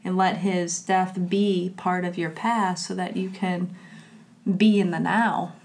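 A woman's voice: fairly low pitch, fairly even intonation, slow, vocal fry, a little mellow, a little hiss or hum. Affirming woman interview host. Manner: short affirming interjections and reflective paraphrasing. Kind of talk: conversational interview.

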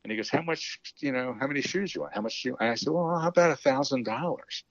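Middle-aged male storyteller, lively pitch, dry muffled lo-fi recording. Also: fast, no room sound. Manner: animated, acts out quoted dialogue, chuckles. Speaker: guest telling a business story. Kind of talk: casual storytelling interview. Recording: dull lo-fi dry sound.

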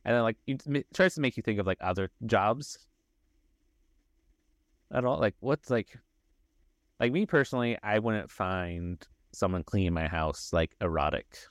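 A man's voice: lowish voice, moderate pace, long pauses, dry recording, clean studio sound. A man co-hosting a podcast, chatting casually and rambling, swearing freely. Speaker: podcast co-host. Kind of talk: casual chat.

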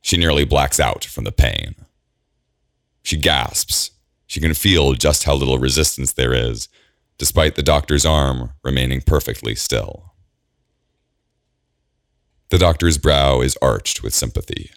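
A male narrator reads fiction in a steady, measured way. His voice is extremely deep and unhurried. The close-miked sound is dry with no room echo. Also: vocal fry. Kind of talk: audiobook narration.

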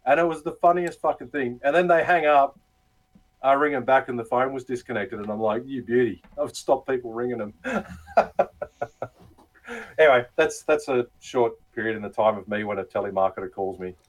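A man's voice: medium pitch, normal speed, rough recording. An Australian man casually telling crude, funny stories with plenty of laughter and swearing, often mimicking the people he talked to. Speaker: guest. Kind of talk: casual storytelling chat.

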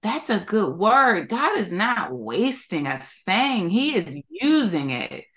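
A woman from Philadelphia, a podcast guest, telling her story in an interview in an animated, expressive way and laughing often. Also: mid-range voice, slow pace. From Philadelphia, USA.

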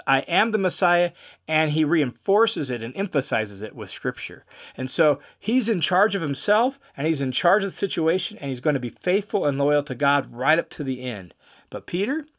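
A man's voice: a little high, a bit bright. A man teaching a verse-by-verse Bible lesson, telling the story in a conversational way and acting out the quoted lines. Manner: conversational with "right?" asides.

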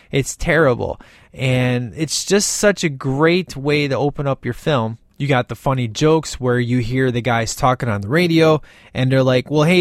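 A man's voice: a little high, no room sound, studio quality. A man talking casually and enthusiastically about a movie sequel, rambling with frequent restarts. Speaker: movie reviewer.

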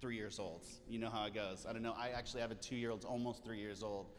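A man's voice: lowish voice, steady tone, fast. A male pastor giving a casual, joking sermon from a church stage, full of fillers and asides. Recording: church hall reverb, faint noise.

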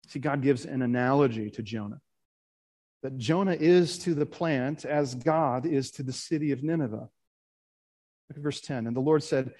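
A man's voice: mid-range voice, darkish tone. A man preaching a sermon in an earnest way, reading scripture and creeds aloud with rising emphasis and sometimes stumbling over his words. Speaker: pastor.

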